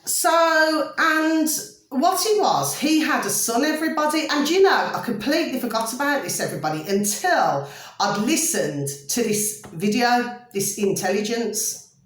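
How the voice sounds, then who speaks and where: A woman's voice: high-pitched, big pitch swings, unhurried, fairly bright tone, roomy sound. A woman telling a rambling, chatty story to her viewers, checking in with them again and again. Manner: chatty, rambling, many tag questions to viewers. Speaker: vlogger.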